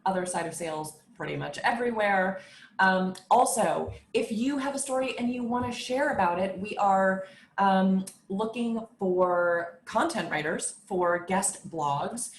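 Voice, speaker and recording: A woman co-hosting a sales podcast, chatting in a relaxed, wry way. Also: medium pitch. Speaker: podcast co-host. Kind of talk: casual advice chat. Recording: echoey room with faint background noise.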